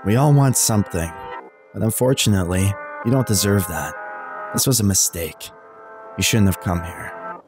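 A man's voice: lowish voice, normal speed, lightly acted. A man reading a cold, cruel mysterious date. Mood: cold, somber. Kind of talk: reading game dialogue aloud. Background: music.

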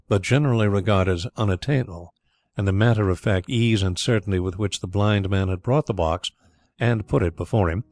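A man narrating an audiobook in measured, even storytelling. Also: on the low side. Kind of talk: scripted narration.

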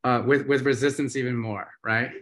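A man's voice: medium pitch, steady tone, moderate pace, a bit bright. A man hosting a live webinar, coaching hip exercises in an encouraging, easygoing way. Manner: encouraging, easygoing, repeats cues.

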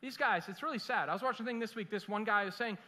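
A middle-aged man preaching a sermon as pastor, telling jokey stories and breaking into quick put-on voices for the people he quotes. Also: high voice, sharp tone. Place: church sanctuary. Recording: reverberant church sanctuary.

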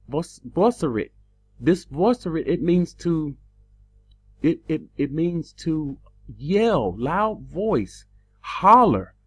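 Slow, emphatic man preaching. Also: a little mellow. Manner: slow and emphatic, rising in pitch on key words. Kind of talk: teaching sermon.

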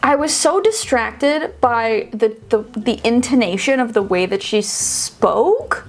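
A woman's voice: fairly high pitch, animated, takes it slowly, hardly any pauses. A woman hosting a reaction video, chatting casually, laughing often and teasing herself.

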